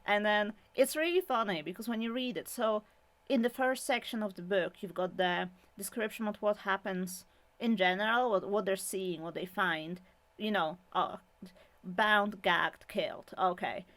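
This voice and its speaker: A woman's voice: mid-range voice, dry recording. A woman retelling a true-crime book in a loose, talkative way, piling on fillers and bursting into exclaimed asides. Her voice sits in an ordinary middle register. The recording is close and dry, with no room sound. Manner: animated, exclaiming, quick asides; many fillers and restarts, chatty. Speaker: channel host summarizing a true-crime book. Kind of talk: casual spoken summary with rants.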